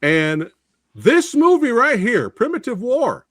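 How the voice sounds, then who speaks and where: Male podcast host, animated ranter, high and swooping, dry close sound. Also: normal speed, dry recording. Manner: exasperated, ranting, lively storyteller. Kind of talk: animated casual chat.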